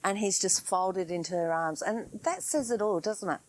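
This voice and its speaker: A woman's voice: mid-range voice, normal speed. A middle-aged woman hosting a podcast, telling a personal story in an earnest, conversational way with frequent fillers. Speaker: podcast host. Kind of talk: storytelling monologue.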